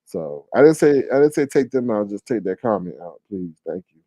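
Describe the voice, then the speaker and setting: A man hosts a casual livestream chat with a lively, swooping voice. He teases his guests and riffs freely. The sound is dry and close. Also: on the low side, brisk, no echo. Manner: animated, teasing, Southern US Black vernacular speech. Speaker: livestream host.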